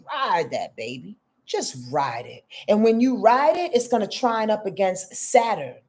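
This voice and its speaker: A woman hosting a casual live-stream astrology reading, expressive and chatty, speaking straight to her viewers. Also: medium pitch. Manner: expressive, talks straight to viewers, greets chat by name.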